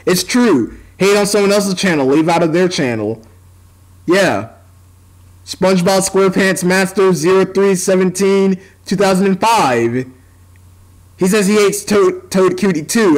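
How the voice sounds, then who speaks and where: American man youtuber, high voice, scornful insulting rant. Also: poor audio. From United States. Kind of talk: ranting reaction vlog.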